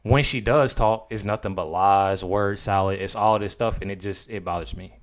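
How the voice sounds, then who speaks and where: A man's voice: fairly low pitch, fairly even intonation, normal speed. A man doing casual commentary for his vlog, rambling and repeating himself as he talks to his viewers. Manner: rambling, repetitive, addresses viewers as y'all. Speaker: political commentary vlogger.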